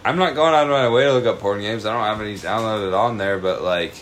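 A man's voice: lowish voice, fast, a bit bright, slight background noise. A man from Washington state co-hosting a podcast in casual, rambling chat, laughing often and swearing freely. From Washington state, USA. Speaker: podcast co-host.

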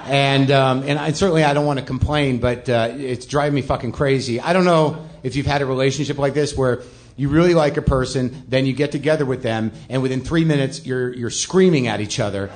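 Speaking fairly quickly at medium pitch, a middle-aged comedian hosts from a comedy club stage. The live monologue is loose and rambling, self-deprecating, and laced with profanity.

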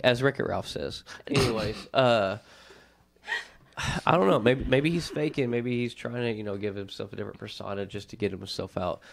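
A man co-hosting a casual chat show, excitable and quick to jump in, laughing and restarting often. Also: on the low side, vocal fry.

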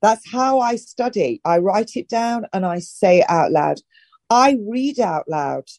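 A middle-aged woman from northern England appears as a health and wellness guest in a casual interview, giving brisk, direct advice. Her medium-pitched voice is warm, mellow, and animated, recorded close and dry.

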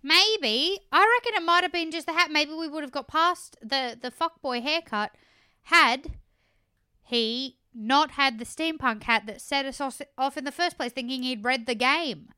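A woman's voice: high voice, measured pace, bright, forceful tone. A woman co-hosting a podcast, chatting casually about a reality show with wry, easygoing jokes. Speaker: podcast co-host.

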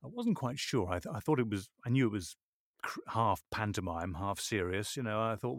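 A voiceover artist answering interview questions, thoughtful and expansive with self-deprecating humor. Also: male voice, fairly low pitch, very animated, moderate pace, no room sound, clean studio sound.

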